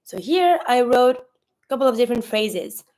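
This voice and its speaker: A woman's voice: fairly high pitch, big pitch swings, a little mellow. Patient woman teaching a language lesson. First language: French. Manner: patient, slow-paced explanation, repeats words for drill. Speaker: French teacher.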